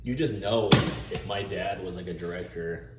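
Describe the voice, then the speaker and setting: A man rambling casually with lots of swearing about movie ideas, talking in an animated, chuckling way. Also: deep voice, moderate pace, reverberant, loud music behind the voice. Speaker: movie vlogger.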